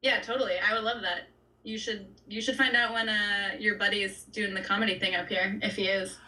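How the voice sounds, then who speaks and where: A woman's voice: medium pitch, steady tone, a little fast, sharp tone. A woman artist being interviewed over a video call, rambling casually with lots of "like", laughing and swearing freely. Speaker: artist guest. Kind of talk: casual chat. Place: San Francisco area. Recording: voice distant from the mic.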